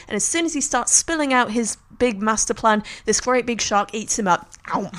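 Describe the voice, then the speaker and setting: Lively woman, bright high voice. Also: a little fast. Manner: lively, jokey storytelling. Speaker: podcast co-host. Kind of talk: casual film chat.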